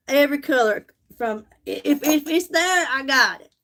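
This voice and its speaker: A woman's voice: high-pitched, lively intonation, measured pace, hardly any pauses, a bit bright. A woman with a Southern US accent chatting folksily with viewers on a casual live stream, calling them honey as she sells.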